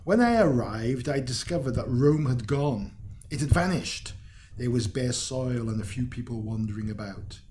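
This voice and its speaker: A man's voice: medium pitch, animated, normal speed, a little mellow, a little hiss or hum. Amused man reading a weird tale. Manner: amused, chuckling with asides. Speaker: story reader.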